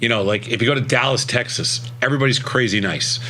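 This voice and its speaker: A man's voice: medium pitch, quick pace, sharp tone, a little hiss or hum. A man hosting a talk show, joking around with his co-host in short remarks. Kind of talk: casual market talk show banter.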